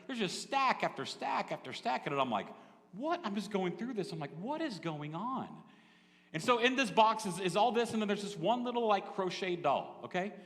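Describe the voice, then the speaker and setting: A man's voice: high-pitched, animated, fairly quick, few pauses, fairly bright tone. A male pastor preaching a sermon in a church, telling a story in a chatty, conversational way and turning to the congregation with asides. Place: church sanctuary. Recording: echoey church hall.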